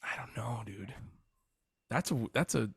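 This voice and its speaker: A man's voice: mid-range voice, measured pace, gravelly, husky, no room sound, studio quality. A young man co-hosting a casual podcast, talking hesitantly and restarting his sentences. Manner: hesitant, restarting, says dude a lot. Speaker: podcast co-host.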